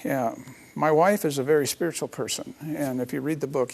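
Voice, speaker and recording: A man's voice: on the high side, fairly quick, vocal fry. Earnest middle-aged man telling a story. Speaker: interview guest, author. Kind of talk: personal storytelling interview.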